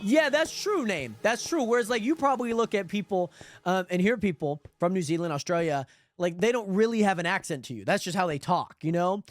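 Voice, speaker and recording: Lively high-voiced young male streamer. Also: a little fast, dry recording. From Pacific Northwest. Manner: rambling, lots of "like" fillers, greets chatters. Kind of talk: casual live-stream chat.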